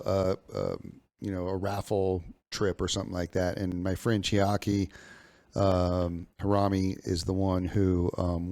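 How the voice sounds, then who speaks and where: A man hosting a podcast who tells his story hesitantly, with many filler pauses. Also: low-pitched, darkish tone. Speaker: podcast host. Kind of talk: casual chat.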